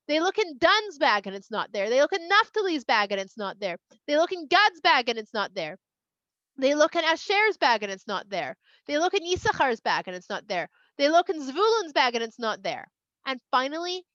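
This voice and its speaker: A woman telling a Bible story for kids in a chatty, expressive way. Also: sits high, no room sound, lo-fi sound. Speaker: children's Torah storyteller.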